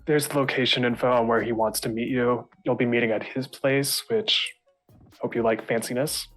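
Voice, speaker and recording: A man's voice: medium pitch, a bit bright. Chatty man running a tabletop game. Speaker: game master. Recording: faint music behind.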